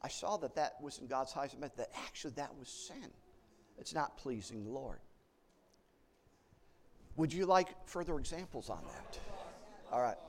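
A man preaching a sermon, animated, often restarting words and acting out panicked voices as he tells a story. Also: mid-range voice, a little slow, long pauses, slight background noise.

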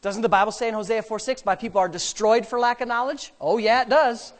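A man's voice: sits high, quick pace, hardly any pauses. A male pastor preaching a sermon to a congregation, joking with them and breaking in with hallelujahs. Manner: animated, jokes with the congregation; punctuates with hallelujah and praise God. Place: church before a congregation.

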